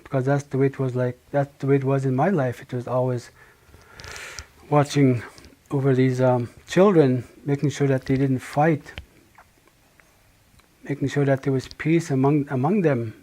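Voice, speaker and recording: A middle-aged man from Manitoba giving a personal testimony, speaking slowly and haltingly with many pauses and restarts. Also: mid-range voice, mellow. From Manitoba, Canada. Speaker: speaker sharing his life story.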